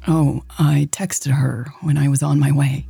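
An affectionate young woman, low and breathy, her words often dropping to a whisper. Her voice is dark with a gravelly edge. A woman acts her out, with faint music behind. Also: fairly even intonation, moderate pace, no room sound, exaggerated voice. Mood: flustered, breathless.

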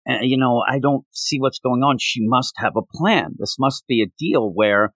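A man hosting a podcast, recapping a comic in casual, rambling, animated chat with lots of filler words. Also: medium pitch, moderate pace, no echo. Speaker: podcast host.

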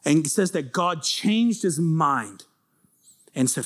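A man preaching a sermon, retelling scripture as animated, dramatic storytelling that climbs toward near-shouting. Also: on the high side, slow pace.

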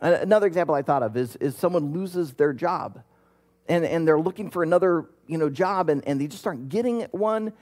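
A man's voice: a little high, brisk, darkish tone. A man in his thirties, a pastor, preaching a conversational sermon and telling a story with plenty of fillers and restarts.

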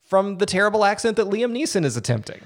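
A man hosting a podcast, chatting casually about a movie with a jokey, animated delivery. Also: sits high, fast talker. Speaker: podcast host.

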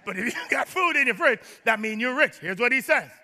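High, bright-voiced preaching man. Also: expressive, a little fast, in a large hall. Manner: preaching to a congregation with humor, rising to shouts. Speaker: pastor. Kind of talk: sermon. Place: large church.

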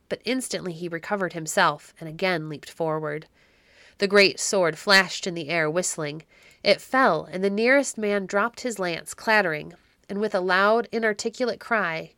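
A woman narrating a classic novel for an audiobook podcast, with calm, measured storytelling. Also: fairly low pitch, dry recording.

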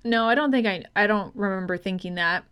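A young woman co-hosting a casual movie podcast, laid-back and deadpan, laughing often. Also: mid-range voice, fairly quick, clear, resonant tone. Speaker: podcast co-host.

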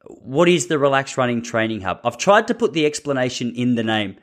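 A man hosts a running podcast in a mid-pitched voice. He talks in an upbeat, chatty way, slipping in jokes as he goes. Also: sing-song, fairly quick. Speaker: podcast host. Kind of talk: casual podcast chat.

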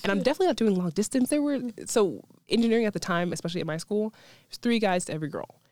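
A woman's voice: medium pitch, expressive, very fast, darkish tone. A woman in her thirties telling a story in casual podcast chat, laughing often and acting out quoted lines. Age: 30s. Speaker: guest.

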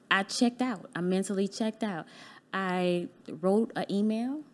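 A woman guest on a podcast candidly recounting a personal experience, acting out remembered conversations in a heartfelt, earnest way. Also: mid-range voice. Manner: candid, acts out remembered dialogue. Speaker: podcast guest, business owner. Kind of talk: personal storytelling in a podcast interview.

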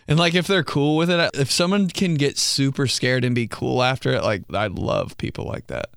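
A man's voice: mid-range voice, vocal fry, a bit bright, smooth, no echo, studio quality. Resonant-voiced young man hosting a podcast. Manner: loose and joking, slangy, quick laughs, acts out quotes. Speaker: podcast host. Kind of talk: casual solo podcast talk.

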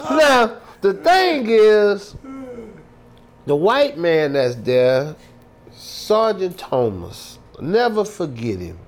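A man, a guest telling humorous stories in an interview, animated and laughing, full of slang. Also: high voice, drawn-out words.

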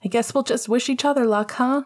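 A woman's voice: fairly high pitch, fairly quick, a little mellow, pitched above the performer's own voice, natural voice. A woman voicing a tearful young woman in labor. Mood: strained tender. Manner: pained, breathless pleading.

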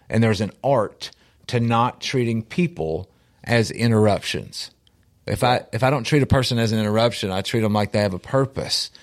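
A man talking as a guest on a talk show, animated and telling stories with easy laughs. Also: mid-range voice. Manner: animated, storytelling, laughs easily. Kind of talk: casual talk-show conversation.

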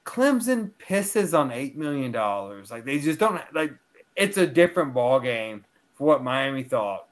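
Male co-host, sports talk, heated and argumentative, unhurried delivery. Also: medium pitch, sing-song. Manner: fired up, argumentative, talks over others. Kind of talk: casual sports podcast chat.

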